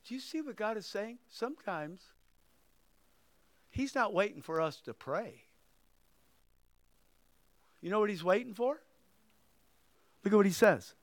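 A man preaching a sermon and reading scripture aloud, emphatic, swinging between loud outbursts and hushed asides. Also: sits high, expressive, unhurried, long pauses, no room sound.

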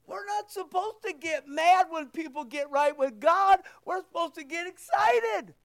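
An older man preaching with a strikingly high voice. He speaks in an unhurried way, loud and emphatic, dropping from near-shouts to quiet asides as he leads his congregation. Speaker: pastor. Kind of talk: sermon with prayer.

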